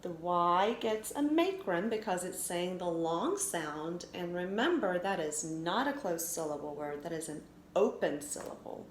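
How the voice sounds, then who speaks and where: A woman teacher giving a recorded phonics lesson for children, sounding out letters slowly and clearly. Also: on the low side, lively intonation. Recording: echoey room with faint noise.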